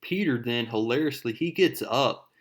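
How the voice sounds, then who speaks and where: A man's voice: medium pitch, expressive, moderate pace. Chatty young man recapping a comic. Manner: chatty, loose storytelling with fillers. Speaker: comic book video host.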